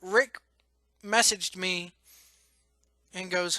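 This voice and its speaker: A man's voice: high-pitched, normal speed, bright, forceful tone, no room sound. A man hosting his podcast, venting frankly and emotionally, cursing and restarting his sentences. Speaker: podcast host. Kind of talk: blunt personal rant.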